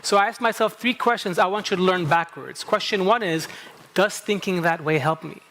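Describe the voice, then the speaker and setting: Kuwaiti guy w american accent giving a conference talk, high voice, storytelling, lots of "okay?". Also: normal speed, sharp tone. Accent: American, picked up at a New England summer camp. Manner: anecdotal, repeats "okay?" and acts out inner dialogue. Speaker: psychologist and panel moderator. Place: conference stage.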